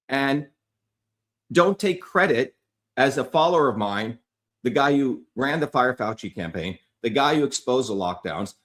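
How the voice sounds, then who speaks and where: A man's voice: medium pitch, a bit bright. A man hosting a livestream, delivering a heated, profane, combative rant at his viewers. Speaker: livestream host.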